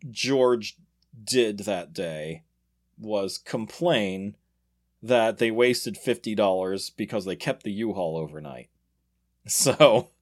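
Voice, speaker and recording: A man's voice: lowish voice, slow pace. A man hosting a podcast, casually telling a story and laughing often as he goes. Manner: laughs often, animated retelling with acted quotes. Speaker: podcast host.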